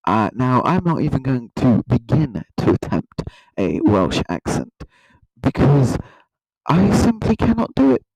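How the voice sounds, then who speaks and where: A man's voice: medium pitch, big pitch swings, unhurried, gravelly, darkish tone, no echo, poor audio. A man hosting a satirical comedy video, rambling in a mock-serious way and often tripping over his words. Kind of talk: satirical monologue to camera.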